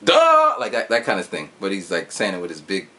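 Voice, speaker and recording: Talking fast in a low, pushed, bright voice, a man in his forties chats about a movie he's reviewing. He tells the story casually, throwing in sound effects and the occasional swear word.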